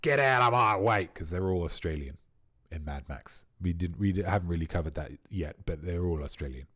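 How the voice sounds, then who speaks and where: A man's voice: low voice, brisk, warm tone, husky. A man hosting a quiz livestream, riffing playfully and at length on viewers' answers. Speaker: quiz host.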